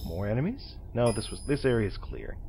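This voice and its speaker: A man's voice: fairly low pitch, big pitch swings, a little fast, creaky, warm tone, a little hiss or hum. A man casually commenting while playing a video game, talking to himself and to viewers with playful, teacher-like asides. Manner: chatty, talks to himself and viewers. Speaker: let's play host.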